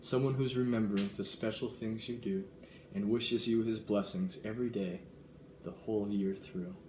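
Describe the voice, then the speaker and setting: Earnest young man, low voice, roomy echo. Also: moderate pace, background noise. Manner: earnest and excitable, reads verses aloud. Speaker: vlogger. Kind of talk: casual vlog, reading a gift card aloud. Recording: roomy echo with faint ambience.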